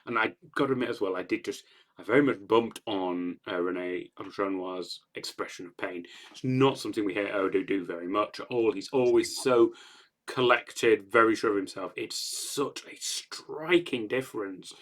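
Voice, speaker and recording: A podcast co-host talking casually about an episode, emphatic and at times softly reflective. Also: deep voice, moderate pace. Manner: emphatic, then soft and reflective. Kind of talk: casual chat discussing an episode.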